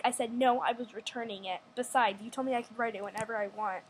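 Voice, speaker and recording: High-voiced young female storyteller rambling. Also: steady tone, quick pace, a little hiss or hum, rough recording. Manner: rambling, restarts often, acts out quotes. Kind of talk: casual storytime vlog.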